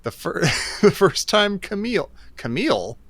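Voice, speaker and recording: A man's voice: sits high, big pitch swings, measured pace, sharp tone, no room sound. A man co-hosting a podcast, running a trivia quiz with a wry, teasing manner. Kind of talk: casual chat.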